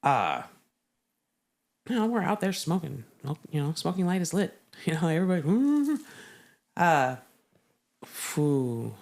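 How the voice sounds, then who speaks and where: A woman's voice: low-pitched, very animated, measured pace, creaky, long pauses, a little mellow. Profane storytelling woman veteran. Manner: profane, vivid storytelling with acted-out quotes. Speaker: guest; Navy veteran. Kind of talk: casual interview chat.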